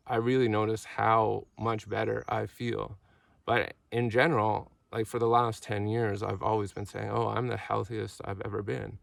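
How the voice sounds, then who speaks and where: Slow, gravelly man in his thirties. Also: on the low side, fairly bright tone, no room sound, distant mic. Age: 30s. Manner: halting, musing, self-deprecating. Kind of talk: reflective talk with parables.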